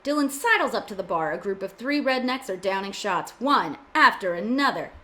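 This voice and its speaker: A woman's voice: mid-range voice, animated, normal speed, bright, forceful tone. A woman reading the stage directions aloud in an amateur script reading, adding joking asides as she goes.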